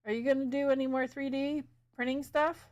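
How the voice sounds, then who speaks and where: A woman's voice: high voice, little pitch movement, fairly quick, darkish tone, dull audio. A woman streamer chatting casually with her viewers while she paints and fixes her stream setup. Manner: chatty, talks to chat while working.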